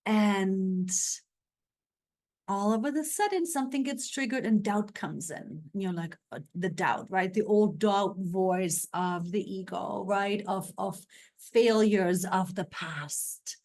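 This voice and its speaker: Slow, gentle-spoken spiritual guide woman. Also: medium pitch. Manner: unhurried, affirming, repetitive phrasing with frequent "right?" tags. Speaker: spiritual coach and podcast host. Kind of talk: spiritual guidance monologue.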